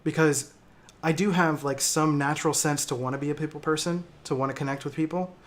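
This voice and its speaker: A man with a fairly high voice chats loosely on a livestream and answers viewer comments. He talks in a reflective, open way. He often pauses, restarts and fills gaps with "um" and "you know.". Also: fairly even intonation. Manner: reflective, hesitant, many fillers. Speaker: livestream host. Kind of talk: casual livestream chat, reading viewer comments.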